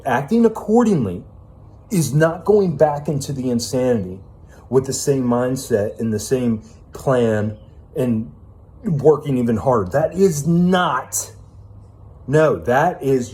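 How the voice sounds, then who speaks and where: A man's voice: medium pitch, animated, unhurried, dark tone. A man giving an unscripted self-help monologue, ranting with emphatic profanity and casual fillers like "man" and "you know.".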